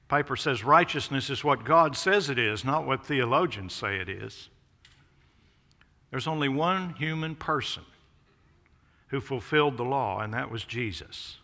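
Emphatic preacher in a reverberant hall. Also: male voice, animated, a little slow. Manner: emphatic preaching, swells loud then drops low. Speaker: pastor. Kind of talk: sermon. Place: church sanctuary.

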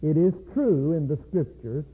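A man preaching an evening sermon in a slow, measured way, with deliberate emphasis. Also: a little high, lively intonation, breathy edge. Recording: tinny phone-like lo-fi recording.

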